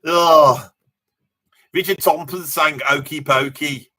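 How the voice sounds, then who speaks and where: A man's voice: a little high, steady tone, slow, bright, forceful tone, heavily acted. A man doing a rambling old Brummie rocker. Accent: Birmingham. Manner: rambling, digressive, mock-indignant, full of 'bloody' and 'right?'. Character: boastful older Brummie rocker man, rambling tall-tale teller. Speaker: live reaction streamer in character. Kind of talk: comic live reaction monologue.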